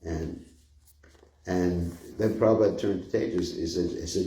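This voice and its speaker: A man's voice: low-pitched, fairly even intonation, normal speed, warm tone. An older man giving an informal scripture class, rambling and conversational, often chuckling. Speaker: spiritual teacher giving a class. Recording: echoey room.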